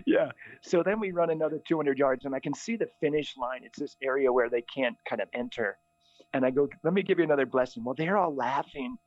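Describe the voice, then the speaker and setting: A middle-aged man, a priest, telling lively stories in a casual chat, often laughing at his own tales. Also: mid-range voice, fairly quick, no room sound. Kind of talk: casual storytelling. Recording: slightly dull, dry audio.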